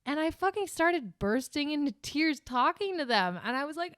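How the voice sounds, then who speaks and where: A woman's voice: high voice, big pitch swings, normal speed, a bit bright, no room sound, clean studio sound. A woman with a Californian accent co-hosting a casual podcast chat, rambling, swearing freely and laughing easily. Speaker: podcast co-host.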